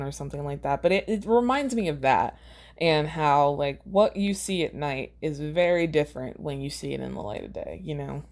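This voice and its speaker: A woman's voice: low voice, darkish tone. A woman hosting a podcast, reading her own fan fiction aloud and chatting casually about it, laughing at her own lines.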